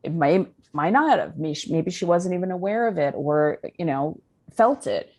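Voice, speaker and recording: A woman's voice: on the low side, animated, normal speed, a little mellow. A woman speaking as a life coach guest on a podcast, earnest and conversational, with many fillers. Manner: earnest, talks in spiritual self-help terms with many fillers.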